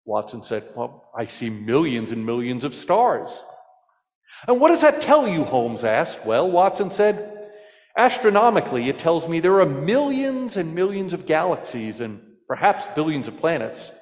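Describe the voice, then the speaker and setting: A joking preacher in a reverberant church. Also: male voice, fairly high pitch, moderate pace. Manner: storytelling, animated, asks the congregation questions. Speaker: pastor. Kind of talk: sermon with jokes.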